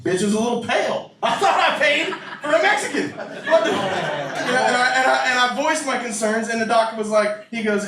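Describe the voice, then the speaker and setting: A man's voice: very high voice, animated, a little fast, heavy background noise. A man performing a stand-up comedy set in a club with a brash, profane, riffing manner. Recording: roomy live club recording from a distance. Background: audience laughter and room ambience.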